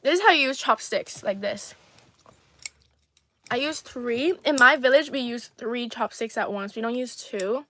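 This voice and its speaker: A young woman from China chats on a live stream while she eats, sassy, teasing and quick to laugh. Her voice sits fairly high, recorded on a phone with a faint hiss behind it. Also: pushed and bright. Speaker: livestream host. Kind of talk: casual live-stream chat while eating.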